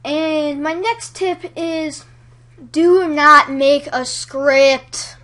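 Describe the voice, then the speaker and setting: High bright chatty woman vlogger. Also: extremely slow. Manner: chatty, rambling, lots of "like" fillers. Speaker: YouTube commentator giving tips. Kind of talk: casual tutorial vlog.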